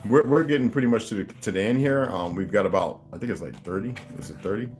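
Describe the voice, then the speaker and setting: A man hosting a casual stream from home, talking straight to his viewers in a loose, profane, animated way before reading a book aloud. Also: on the low side, fast, soft background music. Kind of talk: casual livestream chat. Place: home room.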